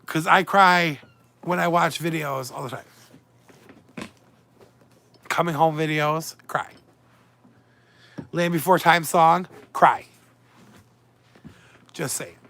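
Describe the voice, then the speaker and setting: A man's voice: a little high, slow, pauses often, pushed and bright. A man hosting a casual livestream, chatty and emotional, swinging between moods as he reads and answers his viewers' comments. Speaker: livestream host.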